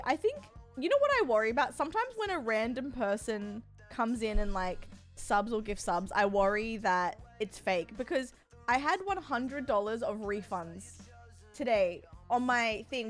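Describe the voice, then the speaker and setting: A young Australian woman chats with viewers in a bubbly, animated way, her voice fairly high and leaping up in pitch when she gets excited. Faint music plays in the background.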